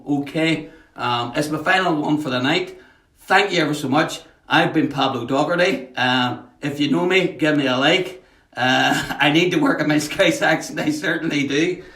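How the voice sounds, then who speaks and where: Poet, chatty livestream host, slightly high voice, echoey room, off-mic. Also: male voice, a bit bright. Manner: chatty, greets viewers by name, halting with many fillers. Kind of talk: casual live-stream chat and poetry reading. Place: at home, in a house.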